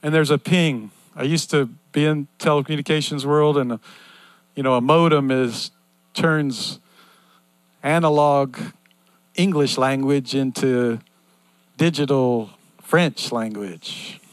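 An older man preaching a sermon in an earnest, repetitive cadence that swings between loud and hushed. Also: mid-range voice, steady tone, slow, pauses often, clean tone, dry recording.

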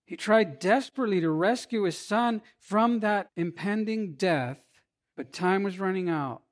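A man preaching a sermon, swinging between emphatic loud lines and hushed, quiet passages. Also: high voice, a little slow. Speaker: pastor.

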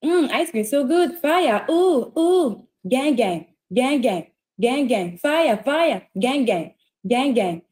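A woman's voice: sits high, animated, slow pace, a little mellow. A woman playing a robotic livestream NPC character who chants the same short catchphrases over and over in a mechanical way. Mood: chirpy robotic.

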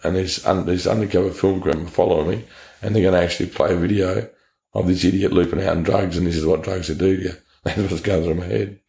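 Australian man, low gravelly voice, warm dark tone, echoey room, blunt testimony. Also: steady tone, fast. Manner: blunt, earnest storytelling with slang. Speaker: interview guest. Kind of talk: personal testimony.

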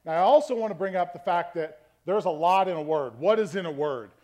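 A man's voice: high-pitched, expressive, a little fast, darkish tone. A man preaching a conversational sermon, teaching from scripture and checking in with his listeners, often asking "okay?". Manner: varies tone to demonstrate meanings. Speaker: pastor.

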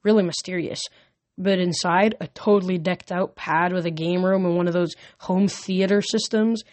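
A woman's voice: lowish voice, steady tone, moderate pace, a little mellow, dry recording, lightly acted. A woman reading a storybook aloud, voicing a breezy, boastful male sun god with an upbeat manner.

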